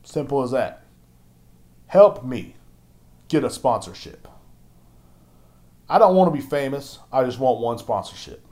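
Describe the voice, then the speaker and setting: A man hosting his own podcast, ranting and rambling with constant swearing, shifting from loud outbursts to low mumbling. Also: very animated, unhurried, long pauses. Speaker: podcast host. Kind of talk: solo podcast rant.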